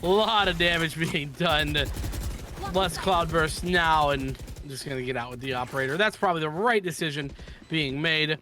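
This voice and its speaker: A man casting a live esports match, building fast excitement during big plays. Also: on the high side, background noise. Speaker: esports play-by-play caster.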